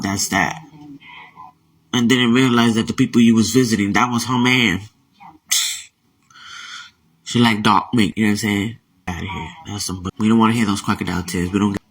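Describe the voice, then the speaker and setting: A man's voice: lowish voice, a bit bright, breathy edge, poor audio. A man giving a casual reaction rant online, blunt, mocking and dismissive. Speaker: social media commentator.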